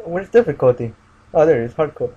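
A man's voice: fairly high pitch, animated, fast talker, mellow, husky. A man giving casual gameplay commentary, muttering to himself and chanting sing-song refrains. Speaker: gamer. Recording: dull lo-fi mic with light noise.

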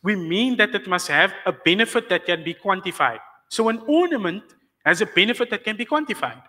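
A man with a high-sitting, sharp voice and lively intonation teaches a class on Islamic law at a fairly quick pace. He explains patiently, often asking the students rhetorically whether they follow. The sound carries the echo of a big room.

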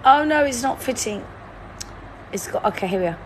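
A woman's voice: a little high, expressive, moderate pace, a little hiss or hum. A woman, hosting a live-stream word-guessing game in a chatty, teasing, playfully dramatic way. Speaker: livestream host.

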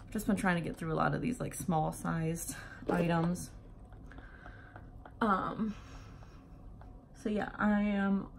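A woman's voice: fairly low pitch, slight background noise. A young woman vlogger chatting casually through a get-ready-with-me, slightly out of breath, full of ums and likes. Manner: chatty, many fillers like "um" and "like". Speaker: beauty vlogger.

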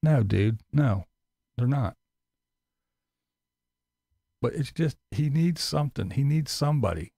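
A man's voice: mid-range voice, normal speed, vocal fry, pauses often, mellow, breathy edge, no room sound, clean studio sound. A man ranting sarcastically and profanely in a casual vlog. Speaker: vlogger.

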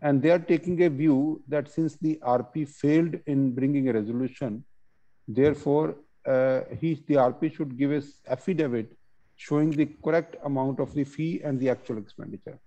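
A man presenting a webinar on court judgments, reading case text and explaining it with many pauses and fillers over a video call. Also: a little high, warm tone, highs cut off.

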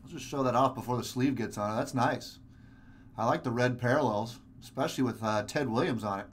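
A man's voice: medium pitch, a little fast, slight background noise. A man hosting a live card-break stream, giving chatty, upbeat commentary as he opens packs. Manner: chatty, upbeat, many fillers.

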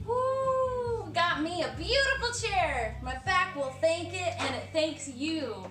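A woman livestreaming in casual chat, excitable and given to loud, sweary outbursts. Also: extremely high pitch, slow. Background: background music.

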